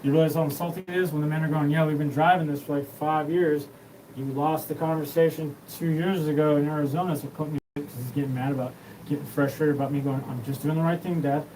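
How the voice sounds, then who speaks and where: A man's voice: a little high, fairly even intonation, quick pace, dark tone. Rambling, profane man, heard from afar. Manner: rambling, profane, jumps between topics. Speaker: show host. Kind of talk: rambling monologue. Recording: distant mic with noticeable room hum.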